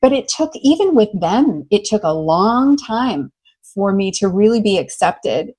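A woman guest, a love coach, telling stories in an interview in an enthusiastic, loud and lively way with frequent laughter. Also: mid-range voice, unhurried. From United States. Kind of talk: candid interview storytelling.

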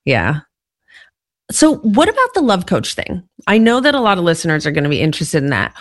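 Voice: mid-range voice, huge pitch swings, brisk, dry recording. Podcast host with a mid-range voice who asks thoughtful follow-ups, recorded dry. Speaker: podcast interviewer. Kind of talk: conversational interview.

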